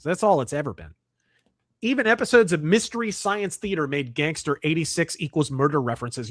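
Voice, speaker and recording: A man's voice: a little high, a bit bright, no room sound, studio quality. A man hosting a livestream, reading chat and articles aloud and answering in a blunt, profane, wry way. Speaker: streamer host.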